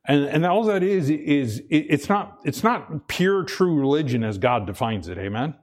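A man preaching a sermon in a conversational way, often repeating himself and asking the congregation "Amen?", sometimes rising high with excitement. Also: moderate pace. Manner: animated, rises high and loud when excited. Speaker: pastor.

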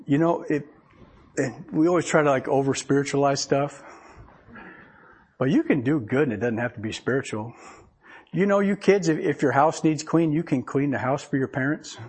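A man's voice: medium pitch, moderate pace, darkish tone, slightly rough. A man preaching a conversational sermon, folksy and chuckling often as he reads scripture aloud. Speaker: pastor.

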